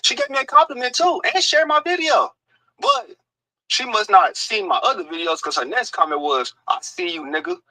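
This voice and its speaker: A man hosting a casual commentary stream, giving loose, joking shout-outs to his viewers. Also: extremely high pitch, big pitch swings, normal speed, no room sound, recorded from a distance, rough recording.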